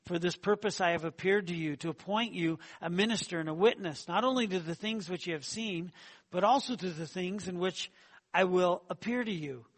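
Man, high voice, middle-aged, sermon, conversational, repeats himself, bursts of emphasis. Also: moderate pace, fairly bright tone. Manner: conversational, fillers and repeated words, rising emphasis. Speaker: preacher.

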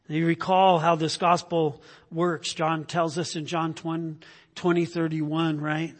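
A pastor with a fairly high voice preaches an expository, verse-by-verse sermon at a slow pace and with fairly even intonation. He keeps checking in with the congregation by asking "right?", and the recording carries a long hall reverb.

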